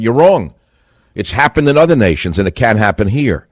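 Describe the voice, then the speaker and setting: A man's voice: fairly low pitch, very animated, brisk, no room sound. A man hosting a talk radio monologue, combative and sarcastic, speaking with heavy emphasis into a close studio mic. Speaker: radio talk show host.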